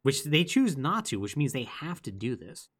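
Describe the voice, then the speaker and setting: A man co-hosting a podcast, telling a game's story in casual, lively chat with quick asides. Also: medium pitch. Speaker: podcast co-host. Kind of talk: casual chat recapping a video game.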